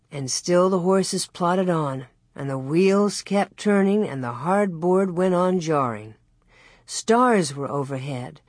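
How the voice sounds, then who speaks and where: A woman narrating a children's novel as an audiobook in a steady, unhurried way. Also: lowish voice, no echo, studio quality.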